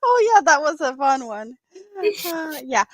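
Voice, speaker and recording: A woman speaks English with a Swedish accent, sometimes stumbling and searching for the right words. Her voice sits a little high. The sound is close and dry, with no room echo. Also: sing-song, a little slow. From Sweden. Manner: searches for words, restarts often, laughs easily. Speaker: guest crocheter. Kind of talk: casual livestream chat.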